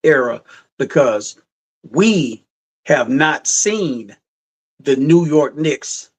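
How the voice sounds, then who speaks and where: A man's voice: fairly high pitch, lively intonation, drawn-out words, poor audio. A middle-aged man hosting a live sports podcast, rambling and emphatic, repeating his points. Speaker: podcast host. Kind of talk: casual sports talk.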